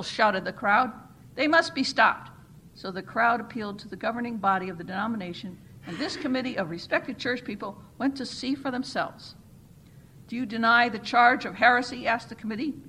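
A woman reading a story aloud to a church congregation, with an expressive storytelling delivery. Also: fairly high pitch, vocal fry, a little hiss or hum, low-quality recording.

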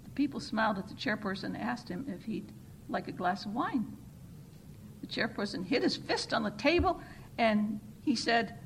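A woman reading a story aloud to a church congregation, with an expressive storytelling delivery. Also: a little high, normal speed, slight background noise, low-quality recording.

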